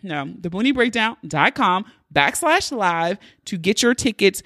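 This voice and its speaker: A woman's voice: mid-range voice, expressive, unhurried, fairly bright tone, no room sound, clean studio sound. A woman hosting her podcast, talking casually and candidly, with plenty of cursing. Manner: candid, profane, chatty. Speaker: podcast host. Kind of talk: casual solo podcast intro.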